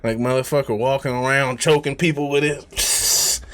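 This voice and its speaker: A man co-hosting a podcast, telling stories in a casual, profane way, laughing often and acting out quotes in a lower voice. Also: moderate pace, fairly bright tone. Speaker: podcast co-host. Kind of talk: casual chat.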